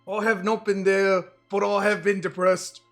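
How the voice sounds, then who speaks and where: A man's voice: high voice, level tone, normal speed, fairly bright tone, soft background music. A young man playing a tabletop game, rowdy and joking, slipping into in-character banter. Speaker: player. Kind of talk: casual tabletop play.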